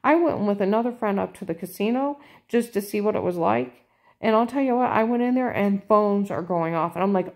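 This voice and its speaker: A woman in a casual monologue, insistent and repetitive, turning loud and emphatic. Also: mid-range voice, fairly quick. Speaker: vlogger.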